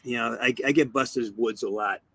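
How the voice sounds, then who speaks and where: A man's voice: medium pitch, fairly quick, creaky, slightly rough, dry recording. A middle-aged man hosting a casual interview, telling stories with a distinctive voice and acting out what people said. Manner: animated storyteller, acts out voices. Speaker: show host.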